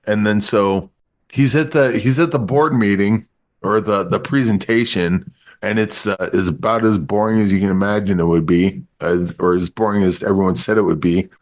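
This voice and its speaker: A man's voice: fairly low pitch, moderate pace. Rambling man recapping a movie plot. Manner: rambling, stumbles and restarts, retells plot. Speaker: podcast movie reviewer. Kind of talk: casual chat.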